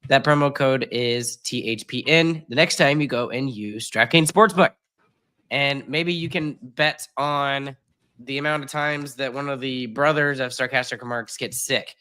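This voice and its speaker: A man's voice: medium pitch, a little slow, bright, forceful tone, clear, resonant tone. A man hosting a casual sports podcast while sick and congested, rambling with lots of fillers and self-deprecating jokes. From United States. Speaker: podcast host.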